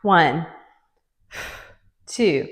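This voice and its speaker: A woman's voice: low-pitched, animated, very slow, echoey room. A woman fitness instructor leading a workout, counting reps aloud and encouraging, a bit out of breath as she moves.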